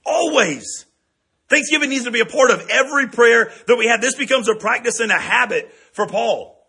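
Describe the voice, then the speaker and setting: Man preaching, high voice, husky tone, middle-aged, conversational sermon, keeps checking in with listeners. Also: normal speed. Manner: lively, conversational preaching with frequent "right?" asides. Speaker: pastor.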